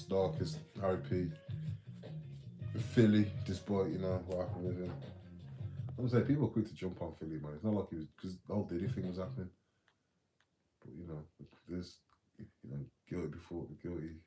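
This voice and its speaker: Sweary bloke from the with music behind. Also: male voice, low-pitched, moderate pace, dark tone, low-quality recording. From England. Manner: sweary, slangy banter. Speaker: livestream host. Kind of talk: casual livestream chat with viewers.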